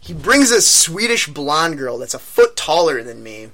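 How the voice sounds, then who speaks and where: A man's voice: on the high side, measured pace. A young man telling a wild night-out story to friends, laughing often and acting out what people said. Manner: animated storyteller, swears, laughs often, acts out quotes. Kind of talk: casual storytelling among friends.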